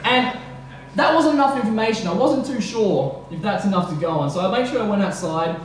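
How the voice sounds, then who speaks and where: A young man doing a nervous first stand-up set, halting with fillers. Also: high-pitched, expressive. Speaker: stand-up comedian. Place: comedy venue with audience. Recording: very echoey room, faint background noise.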